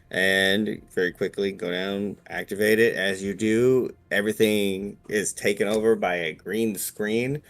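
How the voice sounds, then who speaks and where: A man with a somewhat low voice running a live tabletop role-playing game. He narrates the scene in a relaxed, storytelling way and explains the rules as he goes. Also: vocal fry. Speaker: game master.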